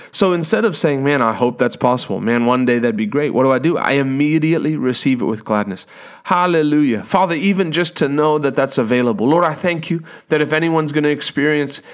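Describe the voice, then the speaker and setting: A man preaching a sermon in a fervent, conversational way, reading scripture and breaking into short spoken prayers. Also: mid-range voice.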